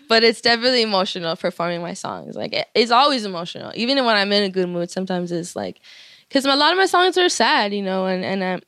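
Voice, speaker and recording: A woman's voice: medium pitch, quick pace, fairly bright tone, no room sound, clean studio sound. A young woman rapper in her twenties telling a story casually, full of swearing, fillers and laughter. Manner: loose, profane, many fillers, laughs often.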